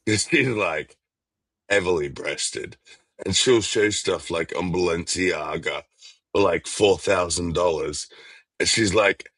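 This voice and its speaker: Slow, deep-voiced man chatting casually. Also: dry recording. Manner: relaxed, profane, laughs often. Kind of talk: casual chat.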